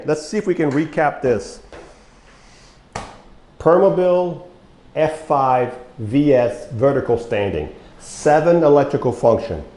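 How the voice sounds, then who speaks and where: A man's voice: a little high, warm tone. A man walking viewers through a power wheelchair as a mobility equipment dealer, plainspoken and talking to them as folks, his voice getting worn. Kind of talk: product walkthrough demo. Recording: echoey room.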